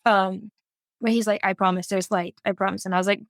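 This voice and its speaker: A woman's voice: mid-range voice, fairly even intonation, fast, no room sound. Earnest woman telling her story. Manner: emotional, earnest storytelling with many fillers. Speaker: podcast guest. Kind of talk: personal story in an interview.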